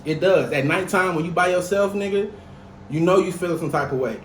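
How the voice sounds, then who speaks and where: A man's voice: sits high, fairly quick, echoey room, crowd noise, poor audio. A young man co-hosting a podcast, talking in a heated, emphatic and profane way. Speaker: podcast co-host. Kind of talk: casual podcast chat.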